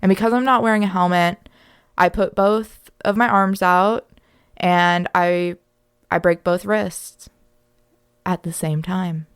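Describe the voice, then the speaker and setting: A young woman tells a personal story on her podcast, candid and reflective, acting out moments as she goes. Her voice is smooth and clear, and she takes her time. The recording is dry and close. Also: on the low side, slow, long pauses, dry recording. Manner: candid, reflective, animated retelling. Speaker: podcast host.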